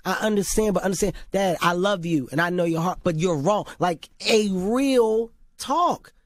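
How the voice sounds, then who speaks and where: A man's voice: high-pitched, fast talker, no room sound, studio quality. A man, a talk show guest, speaking emphatically, laughing and cursing as he talks.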